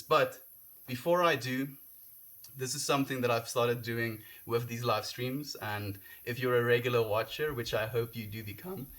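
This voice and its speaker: Outdoors in the wind, a young South African man raised speaking Afrikaans chats casually and sincerely with his live-stream audience. His ordinary mid-pitched voice has a sharp tone, and he reads chat comments aloud, gushing heartfelt thanks between them.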